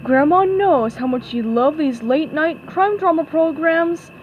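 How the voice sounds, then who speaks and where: Woman doing a sweet fussy grandma, high cooing voice, sing-songy. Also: expressive, unhurried, narrow, tinny audio, slight background noise. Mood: doting. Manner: fussy, cooing baby talk. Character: doting sweet old grandma.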